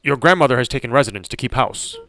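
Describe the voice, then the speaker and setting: A stiff, cynical old gentleman, read by a man speaking in formal, old-fashioned phrases. He talks with lively swings in pitch, measured and aloof. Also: vocal fry, no echo. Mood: dry.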